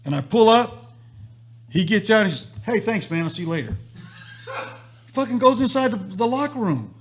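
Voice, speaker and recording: Speaking at a normal speed in a high voice, the host of a live stream spins out a long tale. He animates it by acting out what each character says.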